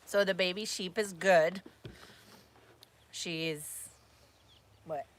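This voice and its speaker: A woman's voice: lowish voice, steady tone, very slow. A woman from the American South chatting easily as co-host on a live stream. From Southern United States. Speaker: co-host, host's wife. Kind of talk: casual live-stream chat.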